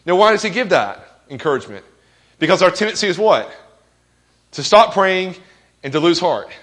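A man's voice: high-pitched, sing-song, normal speed, fairly bright tone. A man preaching a sermon as pastor, earnest, asking the congregation questions and quoting scripture with rising emphasis.

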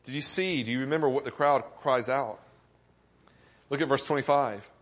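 A man's voice: medium pitch, moderate pace, a bit bright. A man preaching a sermon as pastor, earnest and often asking the congregation questions, rising with emphasis at key points.

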